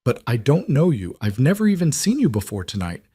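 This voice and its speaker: A man's voice: medium pitch, sing-song, brisk, dark tone, slightly rough, voice pushed up. A man voicing a trapped young woman who answers in cutting, bitter retorts. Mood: defiant.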